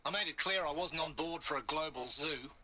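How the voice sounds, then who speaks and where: A man's voice: a little high, brisk, bright, forceful tone, slight background noise. A man voicing a weary idealist who is facing his own end, speaking earnestly and reflectively in a game audio log.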